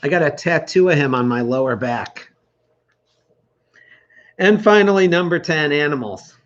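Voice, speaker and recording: A man's voice: a little high, lively intonation, moderate pace, highs cut off. A middle-aged man hosting an online trivia night, reading questions and answers with dry teasing humor. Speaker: trivia host. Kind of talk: reading quiz questions and answers, joking banter.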